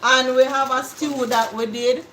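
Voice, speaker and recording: A woman's voice: high voice, unhurried. A Jamaican woman with a slightly raised voice chats casually in patois while co-hosting a home cooking stream, rattling off lists. Her voice rings in a roomy kitchen with a faint hum behind it. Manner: lively talk in patois, lists things off. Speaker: co-host of a cooking live stream. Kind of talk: casual live-stream chat.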